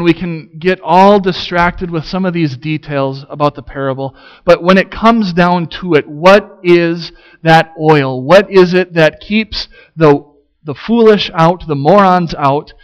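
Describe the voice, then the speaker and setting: Male pastor, unhurried sermon delivery, clear voice, slightly dull lo-fi recording. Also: a little high. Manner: slow, measured preaching with dry humor.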